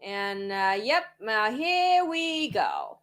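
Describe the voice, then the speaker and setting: Bright-voiced woman with a Vietnamese accent. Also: on the high side, big pitch swings, extremely slow. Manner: candid, laughs easily, swears casually. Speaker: livestream host. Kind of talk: casual livestream chat.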